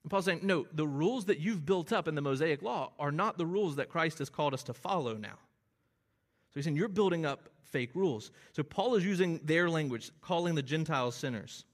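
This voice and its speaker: A man's voice: fairly high pitch, expressive, fairly quick. A man preaching an expository sermon, earnest and explanatory, rising to emphatic bursts on key phrases. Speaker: pastor.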